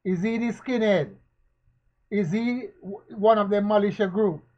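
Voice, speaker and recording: Slow, high-voiced man with lilt. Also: darkish tone. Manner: rhetorical, repetitive questioning; slow, emphatic preaching cadence. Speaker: commentator. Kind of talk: spoken social commentary. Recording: dull lo-fi recording.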